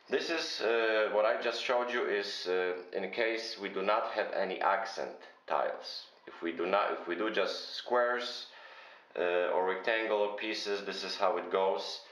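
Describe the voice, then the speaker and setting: Slow, low-voiced man in echoey bathroom. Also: expressive, a bit bright. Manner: methodical, hesitant with frequent fillers. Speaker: tile installer. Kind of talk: step-by-step how-to narration. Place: bathroom under renovation. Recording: very echoey room, dull sound.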